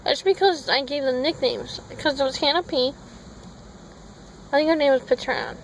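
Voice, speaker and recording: Woman, high-pitched, rambling vlog talk, frequent self-corrections, phone recording. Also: lively intonation, normal speed, slight background noise, poor audio. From Minnesota. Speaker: vlogger. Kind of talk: casual storytelling vlog.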